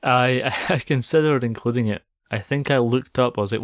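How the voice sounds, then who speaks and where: A Scottish man co-hosting a casual podcast, quick to laugh and crack jokes. His voice sits at a middling pitch and is recorded dry and close. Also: no echo. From Scotland. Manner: jokey, laughs often. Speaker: podcast co-host. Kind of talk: casual chat.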